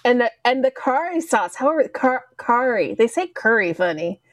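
A woman in casual podcast chat, chatty and quick to laugh. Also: a little high, sing-song, no room sound. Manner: laughs often, chatty storyteller.

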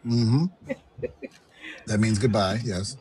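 A man's voice: lowish voice, slow pace, a little mellow, slightly rough. A man co-hosting a casual chat, laughing often and quoting statistics. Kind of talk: casual banter with friends.

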